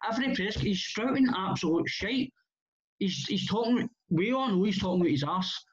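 A man's voice: sits high, animated, moderate pace. A Scottish man in casual football chat, blunt and rambling, swearing freely with many restarts. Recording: muffled lo-fi audio.

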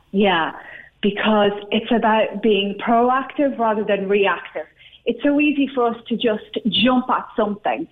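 A woman's voice: a little high, a little hiss or hum. A woman, a guest expert giving upbeat advice in an interview. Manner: upbeat, advising. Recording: tinny phone line.

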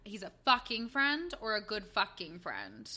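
A woman's voice: medium pitch, huge pitch swings, a little slow, pushed and bright. A young woman co-hosting a podcast in casual chat, playful and jokey and swearing freely. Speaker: podcast co-host.

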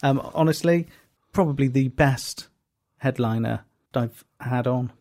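A man's voice: mid-range voice, unhurried, a little mellow. A man co-hosting a podcast and promoting comedy gigs, chatting in an easygoing, friendly way. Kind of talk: casual chat.

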